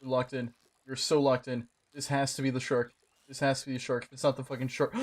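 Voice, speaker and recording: A gaming streamer with a medium-pitched male voice talks fast over a faint hiss or hum. He keeps up a casual, profane running commentary as he plays, excitably swearing at what's on screen and talking straight to the game.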